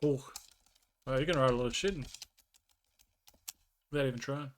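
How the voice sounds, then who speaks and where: A man streaming live while writing a book, answering chat in a relaxed, joking way. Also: mid-range voice, moderate pace, slight background noise. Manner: laid-back, answers chat, jokey. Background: keyboard typing and clicking.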